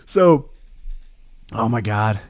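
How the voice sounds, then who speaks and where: A man hosting a podcast, telling a casual story in an animated, laughing and profane way. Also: fairly low pitch, extremely slow, no echo, clean studio sound. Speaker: podcast host.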